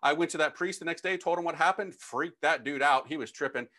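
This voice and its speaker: A man who is a priest, from the United States, telling his own testimony to an audience in an animated, slangy, emphatic way. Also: fairly high pitch, brisk. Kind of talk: personal testimony talk to an audience.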